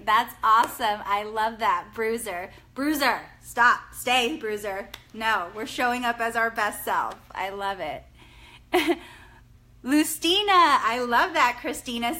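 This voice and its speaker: Bubbly bright-voiced woman life coach. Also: a little high. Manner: bubbly, reads viewer comments aloud, laughs often. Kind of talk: live-stream coaching session.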